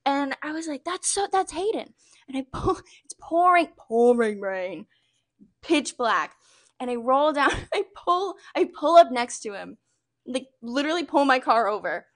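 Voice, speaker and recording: A young woman with a high, bright-sounding voice tells a story on a podcast she co-hosts. She talks in a loose, giggly way, full of fillers and restarts, and breaks into laughter often. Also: very animated, measured pace. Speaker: podcast co-host. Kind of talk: casual chat. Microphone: wearing a bald cap.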